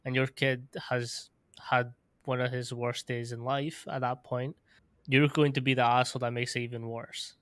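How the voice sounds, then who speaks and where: A man's voice: mid-range voice, little pitch movement, normal speed, fairly bright tone, clear, resonant tone, no echo. A man hosting a podcast, speaking casually with lots of fillers and the odd swear word. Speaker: podcast host. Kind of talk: casual conversational interview.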